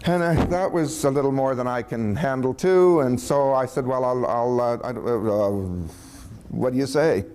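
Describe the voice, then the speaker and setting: A man telling a personal story in a casual, animated way, chuckling as he goes and acting out the voices of the people he quotes. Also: mid-range voice, moderate pace, slight background noise.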